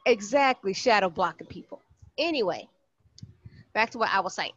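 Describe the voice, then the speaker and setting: A woman from Brooklyn, co-hosting a casual podcast and acting out quotes in an animated way. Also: medium pitch, moderate pace, husky. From Brooklyn, New York. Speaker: podcast co-host. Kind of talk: casual chat. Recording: dry, dull lo-fi sound.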